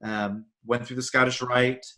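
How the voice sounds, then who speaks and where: A man's voice: medium pitch, level tone, normal speed, sharp tone. A man from Arizona, a podcast guest, explaining earnestly in casual conversation and speeding up when making a point. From Arizona, United States.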